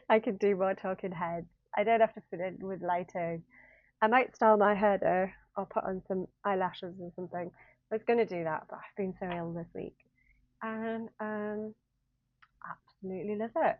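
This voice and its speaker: A woman's voice: medium pitch, steady tone, moderate pace, no echo. A woman in her fifties, a university lecturer, rambling casually in a talking-head vlog and often laughing at herself. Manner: rambling, chatty, self-deprecating with frequent laughs. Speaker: university lecturer in human-computer interaction. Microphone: phone camera. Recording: dry, phone-like narrow sound.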